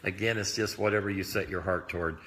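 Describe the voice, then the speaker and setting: A man's voice: deep voice, fairly even intonation, a bit bright. A man who is a prophetic minister, talking casually to viewers in a live video, rambling with many fillers like "uh" and "anyhow". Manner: rambling, loose, filler-heavy talk; admits talking fast.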